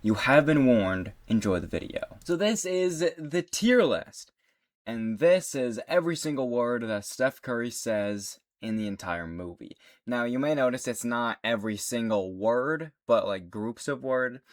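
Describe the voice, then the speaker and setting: A man's voice: mid-range voice, lively intonation, measured pace. A man giving casual commentary on a video, rambling and correcting himself with a wry edge. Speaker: video creator.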